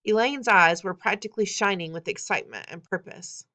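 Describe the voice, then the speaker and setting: A woman reading a novel aloud in an expressive, wry first-person storytelling manner. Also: medium pitch, fairly quick. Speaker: audiobook reader.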